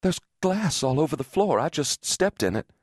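A man's voice: high-pitched, big pitch swings, fast, slightly rough, no echo, pitched above the performer's own voice, heavily acted. A frightened mother in a thriller audiobook, put on by a male narrator who lifts his voice well above his own. She talks in short, breathless bursts of rising panic. The reading is dry and close. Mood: uneasy.

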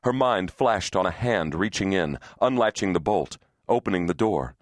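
A man with a fairly low voice narrating a thriller audiobook. He reads in a steady, tense storytelling manner. The recording is dry and close, with no room sound. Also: moderate pace, dry recording.

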